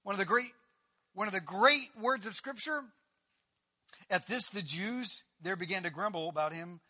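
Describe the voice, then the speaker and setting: A man preaching a sermon, animated and emphatic, swinging between loud declarations and hushed asides. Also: high-pitched, normal speed, in a large hall.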